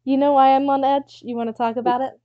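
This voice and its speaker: A woman voicing a frazzled female boss of a science facility who shrieks in frantic outbursts and turns quietly menacing, in a tabletop role-play game. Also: level tone, fast, dull audio, a crowd in the background, natural voice. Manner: shrill frantic outbursts turning to low menace.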